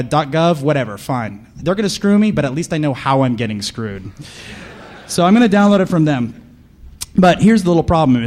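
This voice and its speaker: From the stage of a conference, a mid-range-voiced man gives a comedic talk, bantering with the audience in a dry, sarcastic, deadpan way.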